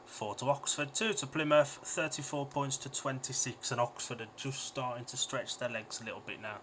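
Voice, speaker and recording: A man's voice: medium pitch, steady tone, normal speed, noisy background. A British man, a co-host, giving matter-of-fact speedway line-ups and race analysis in casual commentary. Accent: British English.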